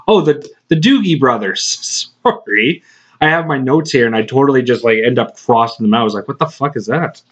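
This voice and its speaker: Profane rambling podcast host, slightly muffled. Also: male voice, medium pitch, expressive, normal speed. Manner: profane, rambling, laughing between phrases. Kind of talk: casual storytelling monologue. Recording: slightly dull lo-fi podcast recording.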